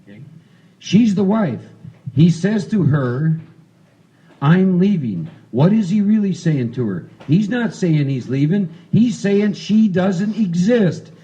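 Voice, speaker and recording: A man's voice: high voice, lively intonation, measured pace, warm tone, low-quality recording. A man leading a recovery workshop, talking casually and coaching volunteers through a role-play. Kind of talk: interactive recovery workshop talk.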